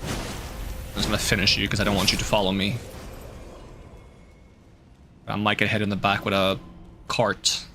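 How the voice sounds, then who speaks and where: A man's voice: lowish voice, completely flat delivery, normal speed, pauses often, pushed and bright, faint music behind. A man streaming a video game, playfully joking, teasing the enemies and chatting to himself as he plays. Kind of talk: live gameplay commentary.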